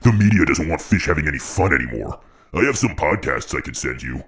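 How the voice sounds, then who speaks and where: A woman voicing a laid-back male talking fish who speaks in a mellow, consoling drawl. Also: rumbling low, lively intonation, brisk, slightly rough, pitched below the performer's own voice, full character voice.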